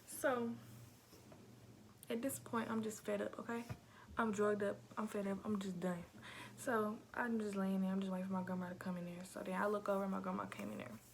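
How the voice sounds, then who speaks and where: A young woman telling a personal story to camera in casual, slangy talk, calling her viewers y'all and often dropping to a soft whisper. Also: medium pitch, level tone, a little fast, creaky, a little hiss or hum.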